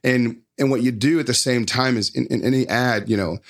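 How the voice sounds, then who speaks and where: A man talking casually about advertising as a guest, in a loose, animated and profane storytelling manner. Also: medium pitch, a little fast. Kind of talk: casual explanatory talk.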